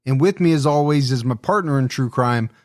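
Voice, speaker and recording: A man hosting a casual true crime podcast, talking in a relaxed, easygoing way. His voice sits at an ordinary middle pitch. He chats loosely with his co-host. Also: a little fast. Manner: relaxed, easygoing, laughs often.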